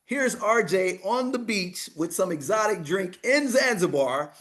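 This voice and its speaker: A man's voice: high-pitched, unhurried. A man in his fifties, a money coach, telling a story as a podcast guest, acting out each exchange and repeating "I said" again and again. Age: 50s. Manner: animated, acts out the dialogue, keeps repeating "I said".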